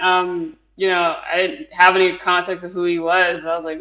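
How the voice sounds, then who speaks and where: A man's voice: sits high, fairly even intonation, fairly quick, few pauses, bright, forceful tone, poor audio. A man chatting casually as a podcast co-host, rambling with many fillers and frequent laughs. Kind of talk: casual chat.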